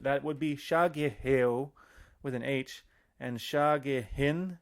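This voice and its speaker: A man with a medium-pitched voice teaches an audio language lesson loosely and chattily, full of fillers and restarts, slowing down to spell out example phrases.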